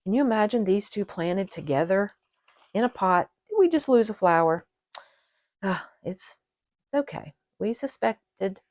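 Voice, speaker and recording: Excited lady gushing to her viewers, mid-pitched voice, dry close sound, camera on the table. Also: a little slow, no echo. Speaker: orchid channel host. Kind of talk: casual unboxing chat to viewers. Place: indoors at a table. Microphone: camera set on the table.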